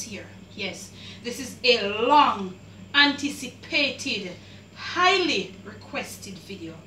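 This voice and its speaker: A Jamaican woman hosting a home cooking vlog, chatting slowly with drawn-out, emphatic phrases, heard in her kitchen. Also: on the high side, bright, forceful tone, reverberant, recorded from a distance, slight background noise, poor audio. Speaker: cooking channel host.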